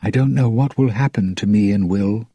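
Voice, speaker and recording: A man voicing a brave, loving young woman in a high, soft voice for a read-aloud story. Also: normal speed, breathy edge, no room sound. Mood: tender.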